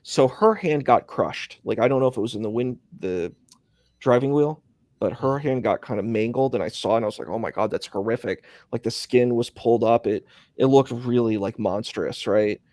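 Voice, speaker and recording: A man speaking in an easy, rambling way, leaning on fillers as he tells a story. His voice sits at an ordinary pitch. The sound is dry and close. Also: normal speed, darkish tone, dry recording. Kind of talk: casual conversation. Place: hospital.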